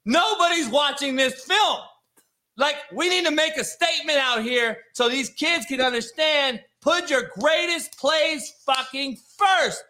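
A man giving a profane, exasperated rant while reviewing high school football film, swearing heavily and breaking into laughter. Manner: loud, exasperated ranting with bursts of laughter; heavy swearing. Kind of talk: profane casual commentary on recruit film.

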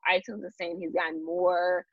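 A young woman with a lowish, fairly evenly intoned voice hosts a relaxed podcast chat at a moderate pace. Her talk rambles, full of fillers and restarts, and she laughs often. It's a dry recording with dull lo-fi sound.

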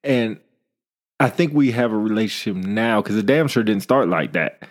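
Man, lowish voice, reflective, casual talk. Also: moderate pace. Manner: reflective, searches for words. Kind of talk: casual podcast chat.

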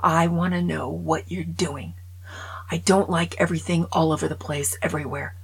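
A woman's voice: sits low, fairly even intonation, normal speed, vocal fry, husky, poor audio. A woman chatting casually in her own video movie review, opinionated and dropping often into whispers.

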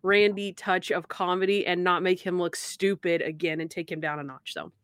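A woman in casual chat, recapping a TV episode with lively retellings of scenes. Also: lowish voice, moderate pace, clear, resonant tone, no room sound, clean studio sound. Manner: animated retelling with quoted voices.

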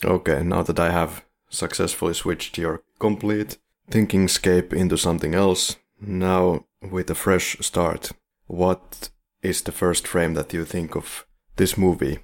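A man's voice: deep voice, fairly even intonation, measured pace, hardly any pauses. A man co-hosting a film podcast in casual chat, wry and leading the questions. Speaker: podcast co-host.

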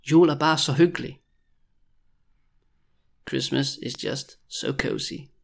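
Creaky-voiced man drilling phrases slowly. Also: mid-range voice, animated. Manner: enunciates each word carefully, then explains casually. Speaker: language teacher. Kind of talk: slow, repeated phrase drills in a language lesson.

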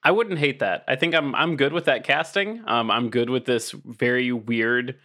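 A man's voice: mid-range voice, moderate pace, sharp tone. Chuckling man asking questions. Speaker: podcast co-host. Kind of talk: casual comedic chat.

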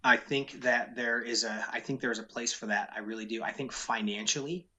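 A man's voice: mid-range voice, fairly even intonation, brisk, sharp tone, muffled recording. A man who owns a business, talking frankly and emphatically in a casual interview, often repeating his key points. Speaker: business owner.

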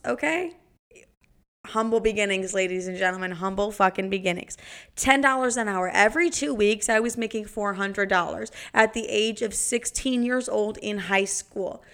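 A woman's voice: mid-range voice, vocal fry, fairly bright tone, clear, resonant tone. A young woman telling brash, profane stories about quitting jobs in a sarcastic storytime monologue.

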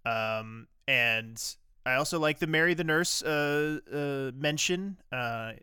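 A man's voice: on the high side, takes it slowly, sharp tone, clean tone, dry recording, studio quality. A man co-hosting a podcast, recapping a TV drama in casual, rambling chat with lots of fillers. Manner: enthusiastic, rambling with many fillers. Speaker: podcast co-host.

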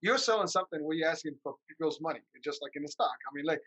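A man's voice: on the high side, very fast, fairly bright tone, poor audio. A man hosting a podcast, upbeat and talkative, asking long rambling questions. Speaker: podcast host. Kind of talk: casual interview chat.

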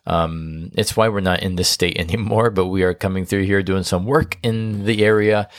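A man with a deep, low voice co-hosts a relaxed podcast with his wife. He chats loosely, restarting sentences and filling pauses. The sound is dry and close. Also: dry recording. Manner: chatty, rambling with fillers and restarts. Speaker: podcast co-host. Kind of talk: casual chat. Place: indoors near the beach.

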